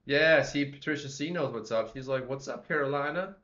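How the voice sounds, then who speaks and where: A man's voice: medium pitch, fairly quick, sharp tone. A man co-hosting a livestream, chatting in a rambling way and greeting viewers by name. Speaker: livestream co-host. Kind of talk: casual livestream chat. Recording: roomy, slightly dull livestream audio.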